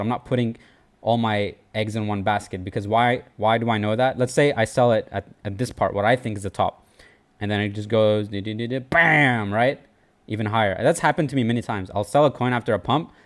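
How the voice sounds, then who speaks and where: An earnest man hosting a loose advice talk, with a voice of ordinary middle pitch. He talks in an animated, slangy way and hammers points home by saying them twice. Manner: animated, earnest, slangy, repeats phrases for emphasis. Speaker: host.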